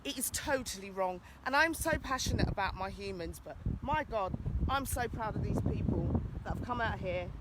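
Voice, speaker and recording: Outdoors and amid noisy surroundings, a British vlogger with a fairly high voice rants urgently, exhorting passers-by as she speaks.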